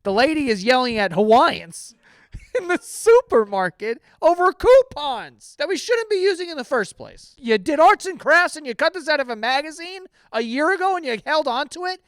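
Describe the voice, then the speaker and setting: Animated young man ranting with bursts of shouting. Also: very high voice, moderate pace, no room sound, studio quality. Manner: animated, swears freely, swings into sudden loud outbursts. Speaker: comedy YouTuber reacting to stories. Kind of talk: casual reaction commentary.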